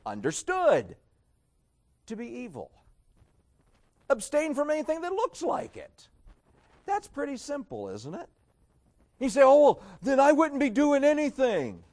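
Animated, sarcastic male preacher. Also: sits high. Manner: emphatic, sarcastic, swings between loud and hushed. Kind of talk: sermon.

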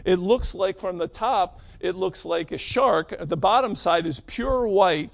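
High-voiced conversational preacher. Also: male voice, measured pace, gravelly. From northeastern Pennsylvania. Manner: conversational preaching with rhetorical questions and emphatic stresses. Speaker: pastor. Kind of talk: sermon.

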